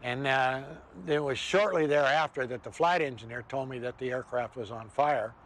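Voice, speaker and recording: An older man, a former helicopter pilot, recalling a crash calmly in a documentary interview. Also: medium pitch, moderate pace.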